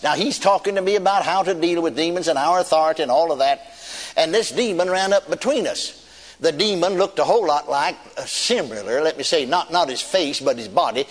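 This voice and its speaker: Older male preacher, folksy and repetitive delivery, high voice, long hall reverb. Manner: folksy storytelling with emphatic repetition. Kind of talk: sermon.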